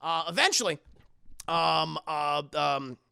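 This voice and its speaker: A man streaming a casual, rambling film recap to his chat, animated and swearing a lot, close to the mic. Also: a little high, slow, creaky, smooth, dry recording.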